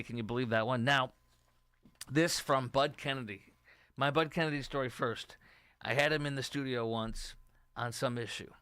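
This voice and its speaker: A man's voice: mid-range voice, vocal fry, sharp tone, clear, resonant tone, dry recording. A middle-aged man from Texas hosting a political talk show, giving opinionated, rambling commentary and reading viewer comments aloud.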